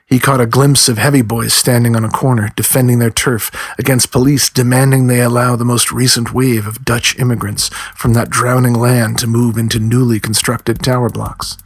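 Husky-voiced man reading a story aloud. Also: mid-range voice, little pitch movement, moderate pace, hardly any pauses, dry recording. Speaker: audiobook narrator. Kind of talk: scripted narration.

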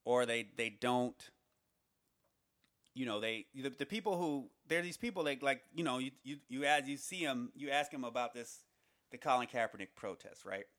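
A man giving a casual spoken monologue, reasoning aloud with rhetorical questions and halting restarts. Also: mid-range voice, a bit bright, dry recording, studio quality. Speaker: commentator on society.

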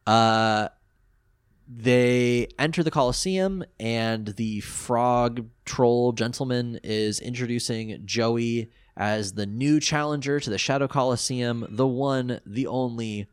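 A man co-hosting a podcast, chatting casually as he recaps an episode and jumps up high when reacting. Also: takes it slowly, clean tone, dry recording, clean studio sound. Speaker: podcast co-host.

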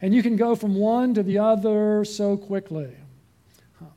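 A man's voice: high voice, steady tone, measured pace, warm tone. An older man preaching a sermon, often putting questions to his listeners. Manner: asks the congregation questions. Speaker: pastor.

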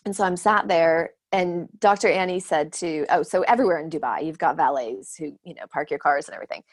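A woman in her thirties telling a story in casual chat, animated and laughing often, acting out the voices she quotes. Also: low-pitched, brisk. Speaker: guest sharing her birth stories.

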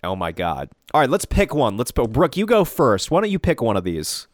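A man's voice: medium pitch, wildly swooping pitch, brisk, a little hiss or hum. A man co-hosting a podcast, steering the conversation and reading news items aloud in casual chat. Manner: leads the segment, reads news items aloud. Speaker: podcast co-host.

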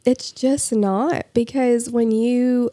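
A woman's voice: a little high, fairly even intonation, takes it slowly, dark tone, no echo. A woman in a casual faith discussion, talking earnestly and thinking aloud.

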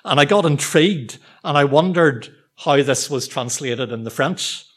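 Speaking a little slowly in a voice on the high side, a man preaches to his church. His delivery is casual and conversational, self-mocking, and peppered with ums and restarts.

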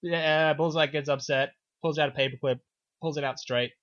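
In casual film-recap chat, a podcast co-host reviews a movie in a sarcastic, profane, offhand way. His fairly high, somewhat bright voice moves at a normal speed with fairly even intonation, and the audio is dull and lo-fi.

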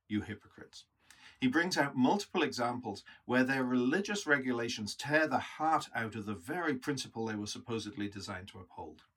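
Husky-voiced man preaching earnestly. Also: mid-range voice, a bit bright. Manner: earnest, reflective teaching. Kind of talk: reflective sermon.

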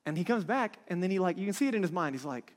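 Guy in his 30s preaching, high voice, keeps asking the crowd if they're with him, big echoey hall. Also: animated, very fast. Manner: conversational, keeps checking in with the crowd. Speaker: pastor. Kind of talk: sermon. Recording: long reverb of a large hall.

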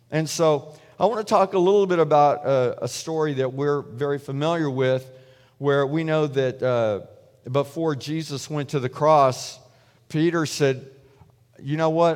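A man delivers a sermon in an easy, chatty manner, slipping into the voices of the people in his story. His voice sits a little higher than most men's. The sound carries a long reverb, like a church hall. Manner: conversational storytelling, acts out quoted voices. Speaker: preacher.

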